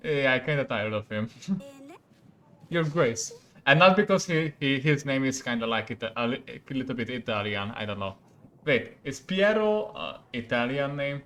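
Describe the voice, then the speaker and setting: A man's voice: mid-range voice, lively intonation, moderate pace, a bit bright. A young man from Hungary with a Hungarian accent, casually commenting on a game stream, laughing a lot and joking at himself. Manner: giggly, self-mocking, laughs often. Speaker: vtuber streamer.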